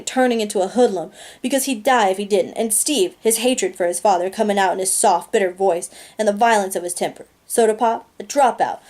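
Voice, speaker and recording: A woman reading a novel aloud in a steady, plain narration, with small slips and restarts along the way. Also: mid-range voice. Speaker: reader.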